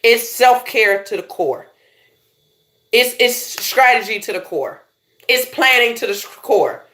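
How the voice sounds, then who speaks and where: A Belizean woman coaching her viewers, her voice swooping high and low as she preaches and calls out to "y'all". She sits a little higher than most women and talks in a direct, fired-up way. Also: animated, measured pace, sharp tone. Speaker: life coach. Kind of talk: motivational talk to viewers.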